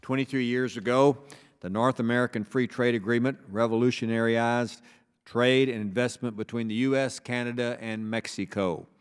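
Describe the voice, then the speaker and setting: A Texan man chairing a congressional subcommittee hearing reads a formal opening statement, measured and deliberate, slowing down for emphasis. His medium-pitched voice is clean with fairly even intonation, and the hearing room is reverberant.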